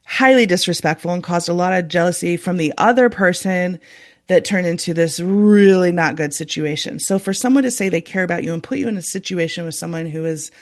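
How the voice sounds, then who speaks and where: A woman's voice: on the low side, a little fast. A woman hosting a podcast, talking earnestly and confessionally as a coach about her own relationships. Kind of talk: personal storytelling monologue.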